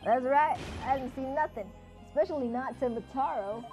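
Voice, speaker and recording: A woman's voice: sits high, a little fast, darkish tone, faint music behind, lightly acted. A woman voicing a dim-witted male sidekick in a game, speaking in a hesitant, folksy way. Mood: bumbling.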